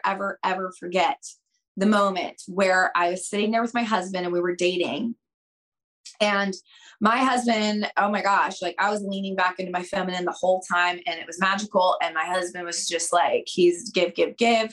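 A female dating coach appears as a podcast guest, addressing her listeners directly and hammering home her points. She acts out conversations with dramatic pitch leaps, shifting between rapid bursts and slow, stretched-out emphasis. Her tone is fairly bright, and the recording is rough.

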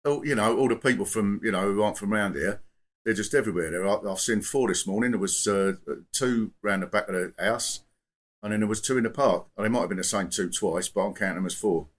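A man's voice: fairly low pitch, fast, close to an everyday voice. A man doing a grumbling bigoted phone-in caller. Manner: rambling, muddled, grumbling. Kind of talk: improvised comic role-play.

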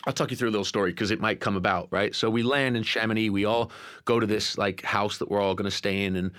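A man with a lowish voice tells his story with candid earnestness. He leans into repeated phrases for emphasis and keeps an open, confessional tone. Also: fairly even intonation, quick pace, fairly bright tone, smooth. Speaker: podcast guest.

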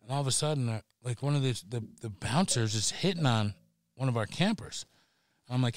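A podcast guest in middle age spins a wild story with brisk, mid-range delivery. He keeps it casual and animated, swearing without restraint and laughing as he goes.

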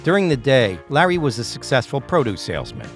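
A man delivering measured, scripted narration for a true-crime podcast. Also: mid-range voice, sing-song, soft background music.

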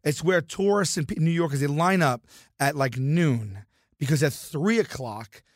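A man who is a comedian guest, telling lively anecdotes in casual podcast talk and acting out the quoted lines. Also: on the high side, moderate pace, no room sound, clean studio sound. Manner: animated anecdote teller, acts out quoted lines.

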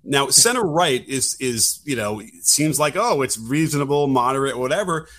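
A man's voice: mid-range voice, expressive, moderate pace, a bit bright. A man co-hosting a political podcast, speaking casually and wryly, often restarting his sentences. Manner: wry, casual, with frequent restarts and hedges. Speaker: podcast co-host.

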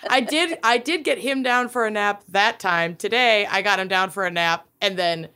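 A Minnesotan woman co-hosting a podcast in casual chat, bantering quickly and laughing often. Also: medium pitch, sharp tone, clean tone. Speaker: podcast co-host.

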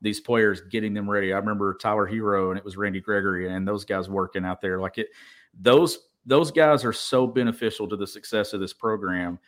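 A man co-hosting a sports talk show, musing in a relaxed, conversational way. His voice sits fairly low. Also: a little fast. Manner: reflective, conversational. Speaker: podcast co-host.

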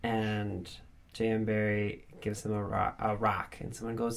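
A man's voice: on the low side, flat delivery, a little slow, gravelly. Playful, teasing man podcaster. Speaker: podcast co-host. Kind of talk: casual chat.

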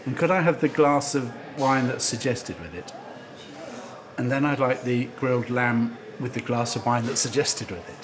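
A man's voice: mid-range voice, moderate pace. Older male host in a busy restaurant. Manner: easygoing, rambling anecdotes with fillers. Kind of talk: casual lunchtime interview. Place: restaurant table. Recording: busy restaurant chatter behind. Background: diners chattering.

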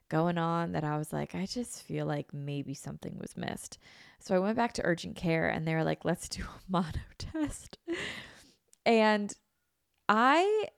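A woman's voice: lowish voice, creaky, clean tone, dry recording, clean studio sound. A young woman hosting a podcast, telling a story in a chatty, self-dramatizing way and full of "like"s while she recovers from illness. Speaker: podcast host. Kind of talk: casual chat.

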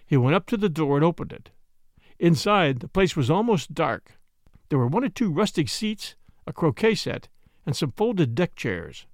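A man narrating a classic mystery as a podcast host, his voice fairly high with a lively, varied melody. He tells the story in a smooth, measured way. The recording is close and dry with no room sound. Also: no echo.

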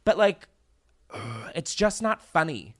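A woman's voice: low-pitched, big pitch swings, takes it slowly. A woman in her late twenties, a guest comedian in casual chat, rambling and swearing freely. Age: 20s. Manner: rambling, profane, laughing easily.

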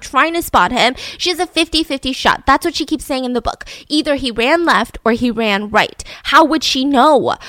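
A young adult woman hosting a podcast, telling a true story in a casual, animated way and building suspense with frequent asides to her listener. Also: high-pitched, no echo, clean studio sound.

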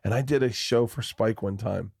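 A man's voice: fairly low pitch, moderate pace, vocal fry, slightly rough. A middle-aged man hosting a casual comedy podcast, telling swearing-laced stories and acting out the people in them. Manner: animated storyteller, acts out quoted voices, swears freely. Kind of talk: casual chat, storytelling.

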